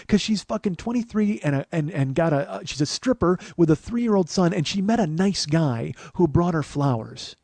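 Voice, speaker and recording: A man in his forties telling a long personal story as host, profane, animated and self-mocking. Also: fairly high pitch, no echo. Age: 40s. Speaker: podcast host.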